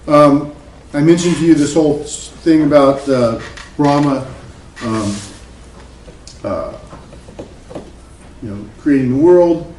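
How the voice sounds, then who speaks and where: A man's voice: a little high, slow pace, pauses often, darkish tone, a little hiss or hum, low-quality recording. A man giving a classroom lecture as a psychology professor, loose and conversational, with many fillers and asides.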